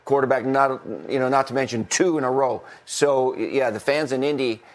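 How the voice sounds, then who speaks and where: A man's voice: mid-range voice, fairly even intonation, brisk. A middle-aged former football coach chatting on a podcast, talkative, laughing often and restarting his sentences. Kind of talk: casual podcast chat.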